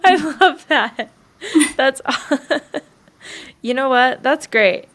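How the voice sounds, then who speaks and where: Woman, livestream host, fairly high voice, conversational, encouraging. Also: expressive, drawn-out words, fairly bright tone. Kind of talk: livestream interview.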